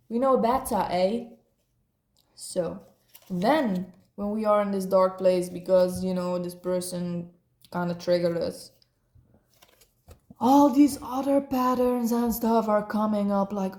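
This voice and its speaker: Slow, mellow woman doing a spiritual reading. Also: mid-range voice, roomy sound. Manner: rambling, laughing, slangy ("bruh", "eh"). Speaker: tarot reader.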